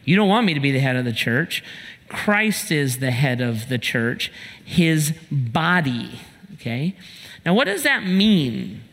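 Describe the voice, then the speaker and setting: A man's voice: fairly high pitch, sing-song, unhurried, a bit bright, big-room sound. A male pastor giving a conversational sermon, asking rhetorical questions and telling personal stories.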